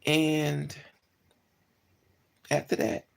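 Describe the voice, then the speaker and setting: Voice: medium pitch, completely flat delivery, extremely slow, vocal fry, clean tone. A livestreamer telling a personal story to live chat in a casual way, talking bluntly with swearing and often repeating and correcting themselves.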